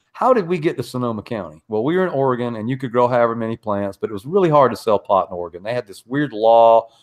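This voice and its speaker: Profane, emphatic middle-aged male podcast host. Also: medium pitch. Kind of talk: casual livestream rant.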